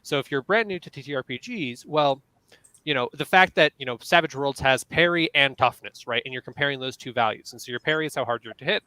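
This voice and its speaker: A man's voice: medium pitch, quick pace, bright, forceful tone, no room sound, poor audio. A man moderating a casual panel as a game master, explaining rules while thinking aloud.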